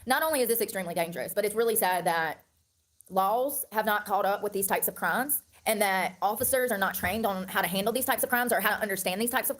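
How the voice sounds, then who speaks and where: Fast, heated ranting woman in her thirties. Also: mid-range voice. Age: 30s. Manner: heated, profane, repetitive ranting. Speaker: online personality. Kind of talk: ranting monologue to camera.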